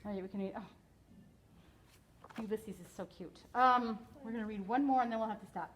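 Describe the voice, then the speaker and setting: A woman teacher reading a novel aloud to her class, expressive and slowing down for emphasis, pausing to ask students questions. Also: medium pitch, slight background noise, rough recording.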